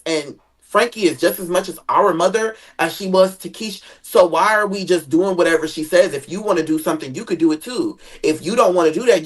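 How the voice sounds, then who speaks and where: A guest chatting casually about family drama, animated, jumping into high dramatic tones and swearing freely. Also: husky. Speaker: guest sharing family stories. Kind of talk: casual gossip chat.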